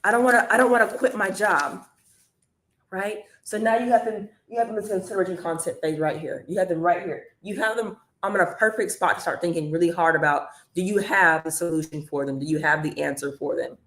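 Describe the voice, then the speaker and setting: A woman coaching viewers on a live stream, chatty and energetic, calling the audience y'all. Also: on the low side, fast, hardly any pauses, reverberant. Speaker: online business coach.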